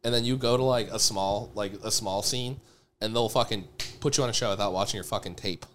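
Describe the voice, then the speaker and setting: A man's voice: on the low side, fairly quick, faint music behind. A man, a comedian guest on a podcast, ranting casually and profanely in a dry, sardonic way. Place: Chicago podcast studio.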